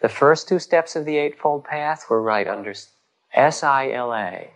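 A man giving a dharma talk as a meditation teacher, gentle and reflective, pausing often and rising in emphasis on key words. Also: medium pitch, animated, rough recording.

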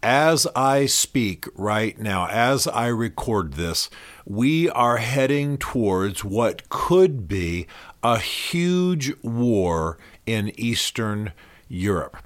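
This American man hosts a solo podcast, giving blunt, opinionated takes on current events in a conversational style laced with fillers. His medium-pitched voice is sing-song and extremely slow, and the recording has no echo.

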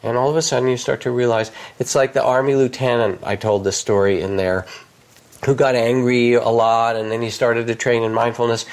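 An older man, a meditation teacher, speaking softly and unhurriedly in a guided reflection, lifting his voice warmly on key phrases. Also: mid-range voice, little pitch movement, a little fast. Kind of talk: gentle guided reflection in conversation.

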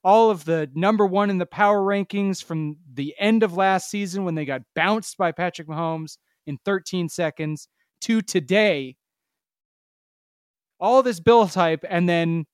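Higher-voiced emphatic male podcast co-host. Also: smooth, no room sound, studio quality. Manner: emphatic, hype-mocking, swearing. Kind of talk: casual sports chat.

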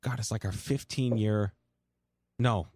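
A man's voice: lowish voice, steady tone, unhurried, a little mellow, slightly rough, dry recording, studio quality. A man with a New York accent hosting a casual talk show, rambling and correcting himself as he goes. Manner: rambling, self-correcting, playful. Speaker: podcast host.

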